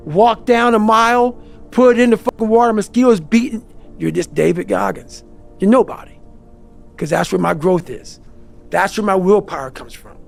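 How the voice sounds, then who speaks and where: A man with a high-pitched voice and vocal fry speaks as a podcast guest, giving a fierce, emphatic motivational monologue. He curses often and drives his points home forcefully, with faint background music audible.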